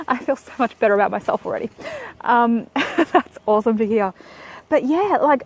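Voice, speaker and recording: A woman's voice: on the high side, fairly even intonation, fairly quick. An Australian woman in her thirties, chatting playfully on a Facebook live stream while she walks outdoors, talking into a phone held at arm's length. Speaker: vlogger. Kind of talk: casual Facebook live chat. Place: outdoors in shade.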